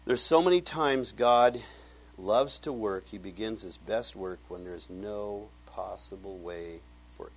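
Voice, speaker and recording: A middle-aged male pastor telling a story in a sermon, animated, acting out conversations and laughing often. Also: sits low, slight background noise, low-quality recording.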